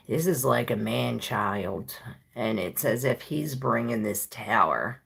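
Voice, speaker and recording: A woman's voice: extremely low pitch, expressive, slow pace, gravelly, a bit bright, slightly rough. A woman giving a casual tarot reading, talking to her viewers in a loose, rambling, informal way. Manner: chatty, talks to viewers directly. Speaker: tarot reader.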